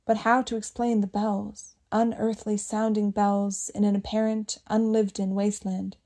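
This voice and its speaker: Warm, measured female audiobook narrator. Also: medium pitch, flat delivery.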